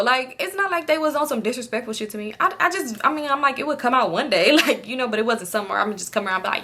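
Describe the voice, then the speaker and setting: Young woman, casual storytime vlog, bright voice, animated delivery with big pitch jumps, laughs often. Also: racing. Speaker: storytime vlogger.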